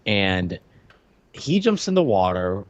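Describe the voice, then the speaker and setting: Animated joking man, dry close sound. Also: fairly low pitch, slow, no echo, muffled recording. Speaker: podcast co-host. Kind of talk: casual chat.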